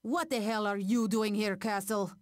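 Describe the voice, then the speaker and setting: A woman's voice: medium pitch, normal speed, dry recording, clean studio sound, close to an everyday voice. An actress playing a tough, no-nonsense female spy in a video game who gives curt, commanding lines. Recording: game audio with music behind.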